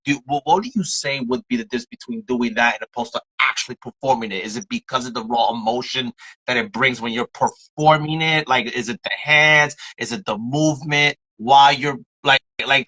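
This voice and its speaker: A man hosting a podcast interview, asking loose, rambling questions in relaxed casual chat. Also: medium pitch, low-quality recording. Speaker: podcast host.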